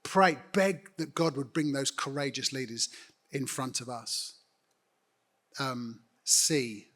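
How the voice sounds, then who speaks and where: Speaking slowly with medium pitch, fairly even intonation, and a slightly bright tone, a middle-aged UK church network leader appeals to a congregation earnestly and directly during an on-stage interview.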